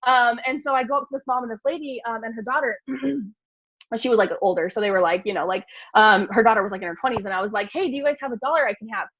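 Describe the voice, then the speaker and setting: A woman telling a story to a group in a casual, animated way, full of fillers like "like". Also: fairly high pitch, fast. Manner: animated, filler-heavy, lots of "like". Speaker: speaker at a mindset meeting. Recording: dry, dull lo-fi sound.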